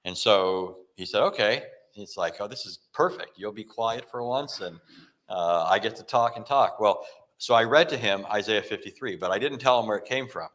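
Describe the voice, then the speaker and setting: A lower-pitched man with a bright, forceful voice, speaking to a live audience. He tells a story animatedly, acting out both sides of an exchange. He often restarts his sentences as he goes. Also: normal speed. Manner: frequent self-corrections and restarts. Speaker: Christian apologetics speaker. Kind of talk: conference talk with storytelling.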